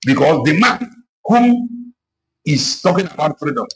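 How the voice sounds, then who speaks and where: A gravelly-voiced man speaks with urgency, mixing Igbo and English and hammering his points through repetition. His voice sits a little high for a man, and a faint hiss runs behind it. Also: sing-song, measured pace, rough recording. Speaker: activist speaker. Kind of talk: impassioned political talk.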